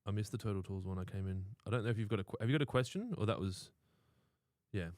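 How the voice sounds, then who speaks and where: A man's voice: on the low side, fast, darkish tone, dry recording, clean studio sound. An Australian man co-hosting a live lawn-care show, chatting casually with crude humour and frequent laughter. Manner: laughs through his stories, crude banter. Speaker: podcast co-host.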